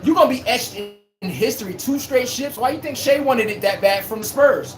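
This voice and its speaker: A man's voice: high-pitched, lively intonation, brisk, soft background music. A man hosting a casual sports live stream, reading chat and trash-talking in a brash, playful way, recorded on a phone. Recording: echoey room with faint hum.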